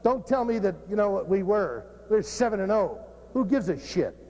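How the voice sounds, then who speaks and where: A man's voice: high voice, big pitch swings, normal speed, a little mellow, a little hiss or hum. A man who is a football coach, giving a joking, blunt, profane talk at a coaching clinic. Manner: blunt and profane, cracking jokes.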